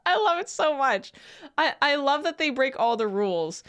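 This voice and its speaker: A woman streaming a casual reaction, excitable and quick to laugh and swear. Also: high-pitched.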